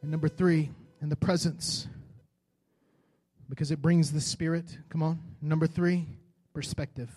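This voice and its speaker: A man's voice: fairly high pitch, steady tone, unhurried, a little mellow, breathy edge, soft background music. A man, a pastor preaching a sermon, telling a personal story in a casual, conversational way and building to fervent declarations.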